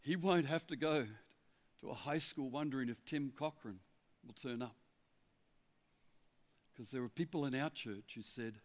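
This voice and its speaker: An older man preaching a sermon to a congregation, telling stories with lively asides. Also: medium pitch, moderate pace, pauses often. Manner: animated, chatty storyteller with asides. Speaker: guest preacher, former pastor of the church. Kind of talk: sermon with personal storytelling. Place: church hall before a congregation.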